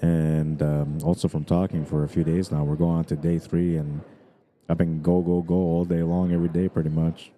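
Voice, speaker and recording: Low, dark-voiced man with a dry throat. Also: little pitch movement, normal speed. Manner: rambling, chatty, many fillers. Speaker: pool stream commentator. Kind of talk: casual live commentary.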